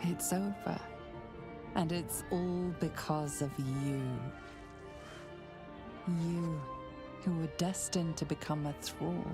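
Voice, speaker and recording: A grave, slow fantasy narrator. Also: female voice, lowish voice, fairly even intonation. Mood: solemn. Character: solemn female narrator of a fantasy game. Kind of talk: video game narration. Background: game music.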